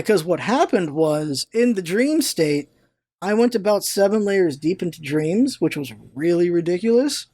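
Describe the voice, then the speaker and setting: A vlogger telling a long personal story in casual, rambling chat, animated, swearing now and then and stumbling over words when excited. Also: mid-range voice, no room sound, clean studio sound. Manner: animated storyteller, swears, retells own thoughts aloud; restarts and stammers when excited.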